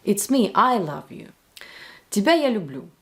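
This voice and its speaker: A woman with a Russian accent, a native Russian speaker, teaching the language to viewers slowly and clearly, with playful spoken examples. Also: medium pitch, big pitch swings. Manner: slow, clear, playful demonstrations. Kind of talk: explaining to viewers.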